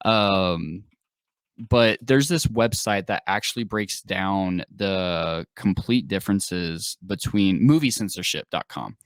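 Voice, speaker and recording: A man's voice: low-pitched, slow pace, no room sound, studio quality. A man co-hosting a casual film review podcast, talking enthusiastically with plenty of fillers. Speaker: podcast co-host.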